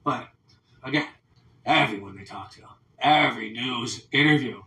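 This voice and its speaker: An American man hosting a podcast, ranting loudly and profanely in casual talk, mimicking people in mocking voices. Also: mid-range voice, moderate pace. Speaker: podcast host. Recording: roomy, mic at a distance.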